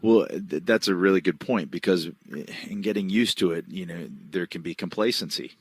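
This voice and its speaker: A man's voice: sits low, moderate pace, husky, no room sound. Chummy male podcast host, dry sound. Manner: relaxed, chummy, teasing questions. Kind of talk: casual interview chat.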